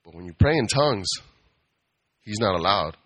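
A man preaching in a relaxed, chatty way, with a bright, forceful tone. He jokes along and slips into little quoted voices to make his points. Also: on the low side, normal speed. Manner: conversational, playful, acts out quoted voices. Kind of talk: casual sermon.

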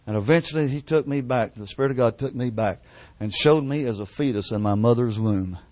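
An older preacher gives a sermon testimony at a church service, telling his own story with fervent repetition and dropping to hushed, near-whispered lines at the emotional peaks. His pitch is medium and his pace brisk. The recording is dry and close, with no echo.

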